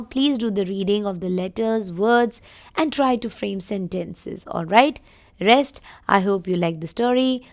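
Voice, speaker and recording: A woman with an Indian accent teaching English vocabulary to children, saying each word several times and explaining it in simple terms. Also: fairly high pitch. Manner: repeats each word slowly for drill, explains warmly to children. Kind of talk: read-along vocabulary lesson.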